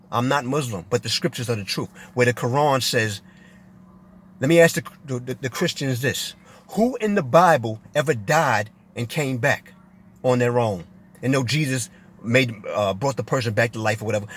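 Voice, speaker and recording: A man's voice: medium pitch, slight background noise. A man speaking in a casual monologue, preachy and emphatic, repeating phrases as he goes on. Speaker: video commentator.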